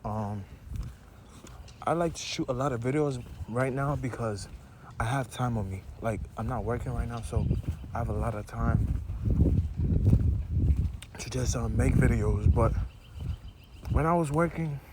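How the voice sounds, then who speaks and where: This is a casual vlog from a young man who rambles while chewing gum, filling gaps with "like" and "you know." His medium-pitched voice moves a little slowly, with long pauses between thoughts, over faint background noise.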